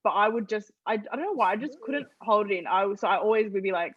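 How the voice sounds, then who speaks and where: A woman's voice: medium pitch, quick pace, no echo, lo-fi sound. Laughing young woman telling family stories. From Australia. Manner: animated, laughs often while telling stories. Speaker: interview guest. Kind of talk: casual storytelling interview.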